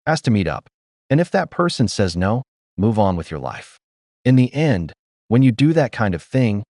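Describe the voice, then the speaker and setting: Male reaction host, judgmental and lively in pitch. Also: no echo, studio quality. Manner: blunt, judgmental. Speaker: commentary host. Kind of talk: reaction commentary.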